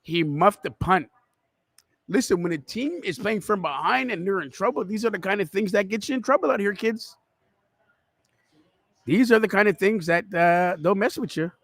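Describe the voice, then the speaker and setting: A man's voice: sits high, animated, normal speed, fairly bright tone, no echo. A man hosting a podcast, giving rambling, chatty live football commentary from a restaurant and calling his listeners kids. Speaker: podcast host.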